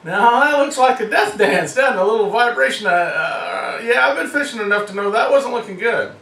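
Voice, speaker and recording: A man's voice: high voice, expressive, fairly quick, vocal fry, sharp tone, reverberant, far from the mic, poor audio. A man telling a comic story in a loose, profane way, often laughing.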